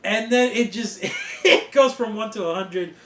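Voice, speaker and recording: A man giving a casual, excitable review of a TV series, laughing often and swearing freely. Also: high-pitched, unhurried, reverberant. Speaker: TV show reviewer.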